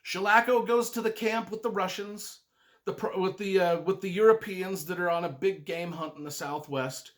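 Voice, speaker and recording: A man's voice: sits high, moderate pace, fairly bright tone. A man giving a casual spoken book review, retelling the plot in a chatty, enthusiastic way. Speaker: book reviewer and writing adviser.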